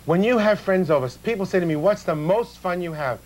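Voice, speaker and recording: A high-pitched, excitable middle-aged man trading jokes as a guest cook. He talks in quick bursts and breaks into squealing laughs. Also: low-quality recording. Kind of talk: comic chat while cooking.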